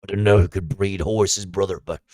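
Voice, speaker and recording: Guy doing a boastful american bro voice, drawly, lots of brother, low and dry. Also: steady tone, moderate pace, a little mellow, dry recording, natural voice. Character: loud brash American good-ole-boy man calling everyone brother.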